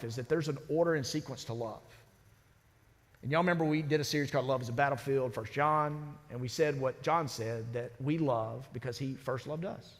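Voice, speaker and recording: Preaching man in a reverberant church. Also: medium pitch. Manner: storytelling, lively and conversational. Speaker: senior pastor. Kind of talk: sermon. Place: large church sanctuary. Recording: church sanctuary with long reverb.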